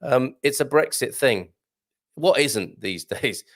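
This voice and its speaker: A man's voice: mid-range voice, animated, takes it slowly. A man hosting a live stream, reading viewer comments and musing aloud in a wry, rambling way. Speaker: online community host.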